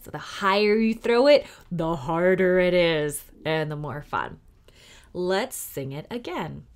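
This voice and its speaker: A woman children's librarian reading a picture book aloud at storytime, gentle and encouraging toward young children. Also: lowish voice, animated, measured pace.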